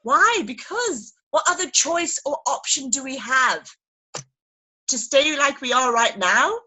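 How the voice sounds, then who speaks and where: Speaking slowly in a high-pitched voice, a woman runs a motivational training session for her sales team on a video call, emphatic and lively as she acts out small scenes. The recording quality is low.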